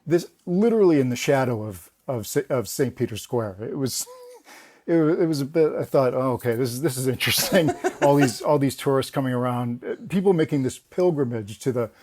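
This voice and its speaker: Animated male interview guest telling anecdotes. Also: mid-range voice, brisk. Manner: animated anecdotes with frequent laughs and restarts. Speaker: guest, former film production assistant. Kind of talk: casual interview storytelling.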